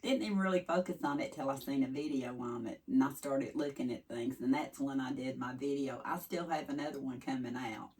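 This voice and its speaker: Talking fairly quickly with few pauses, this East Tennessee woman has a Southern accent and an extremely low, darkish voice. She's a vlogger chatting to her viewers in a folksy, rambling way, drifting off topic, and sits a little back from the mic.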